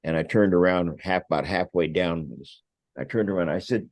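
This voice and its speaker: An older man with a very low voice tells a lively anecdote as a podcast guest and acts out the other people in it. He swears freely. The sound is close and dry. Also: moderate pace, no room sound. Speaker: guest, vineyard owner. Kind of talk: casual anecdote telling.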